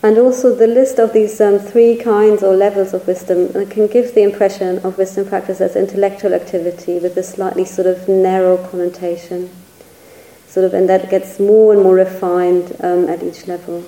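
A woman's voice: medium pitch, flat delivery, moderate pace, dark tone, roomy sound, poor audio. A woman teacher giving a reflective Buddhist dharma talk, searching for words and hedging often as she speaks. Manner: reflective, searching, hedges with "sort of".

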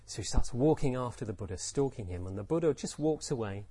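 A man's voice: medium pitch, animated, fast talker, dark tone, husky, no room sound. Reflective man giving a Buddhist talk. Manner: reflective, poses rhetorical questions, acts out quotes. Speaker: Buddhist teacher. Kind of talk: Dharma talk with storytelling.

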